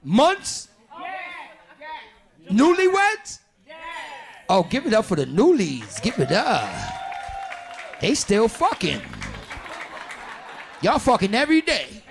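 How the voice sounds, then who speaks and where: A man doing stand-up comedy, loud and animated, talking with the audience and putting on voices for characters. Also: sits high, slow pace, creaky, long pauses, some chatter behind. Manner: talks with the audience, asks them questions. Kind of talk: stand-up crowd work. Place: comedy club stage. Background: audience laughing.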